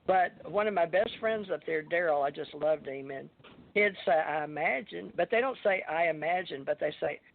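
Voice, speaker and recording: A man with a Southern accent tells rambling, folksy stories in a relaxed chat. His voice sits high with a gravelly fry, and it comes through thin and phone-like. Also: normal speed. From Louisiana and Texas. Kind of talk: casual chat. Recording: phone-like call audio.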